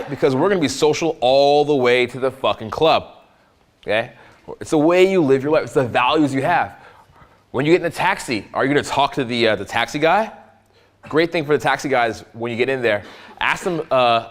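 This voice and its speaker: A man teaching a live dating seminar, telling stories in an animated, profane way. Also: mid-range voice. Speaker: dating coach.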